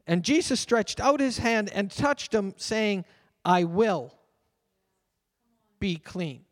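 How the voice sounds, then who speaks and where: Male pastor, high voice, earnest sermon delivery, long church-hall reverb. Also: lively intonation. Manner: earnest preaching, slows down to read scripture aloud. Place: church sanctuary.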